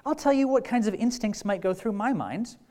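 A man's voice: high voice, expressive, fairly quick, dark tone. A man giving a conversational sermon, informal and full of repeated words and "like"s, with wry, self-deprecating humor. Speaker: preacher.

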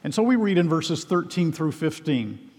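A man delivers an earnest, emphatic sermon and presses pointed questions on his listeners. His voice sits a little high for a man. A long reverb trails behind his words, as in a large hall. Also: big pitch swings, moderate pace, a little mellow. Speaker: preacher.

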